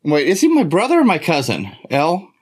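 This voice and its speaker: A man co-hosting a loose live podcast, rambling and cracking jokes with plenty of swearing. His pitch swings widely as he hams it up, voice muffled now and then by a wrestling mask. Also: wildly swooping pitch, a little fast, husky. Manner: rambling, jokey, swears freely, playful put-on wrestler persona. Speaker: podcast co-host. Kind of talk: casual live-stream banter. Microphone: wearing a wrestling mask.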